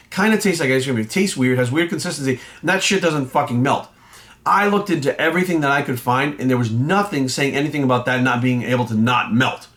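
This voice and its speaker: A fitness coach ranting bluntly and indignantly, swearing nonstop in casual talk. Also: male voice, on the high side, a bit bright. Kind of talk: profanity-laced casual rant.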